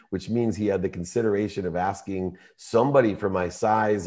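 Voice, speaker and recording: A man in his fifties, a podcast guest, telling a personal story with emotion and animated, vivid retelling. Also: fairly low pitch, normal speed, hardly any pauses.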